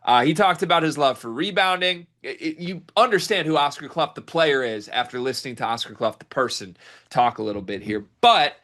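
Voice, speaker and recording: A man's voice: a little high, animated, brisk, a bit bright. A man hosting a casual sports podcast, teasing his co-host dryly and then recapping an interview.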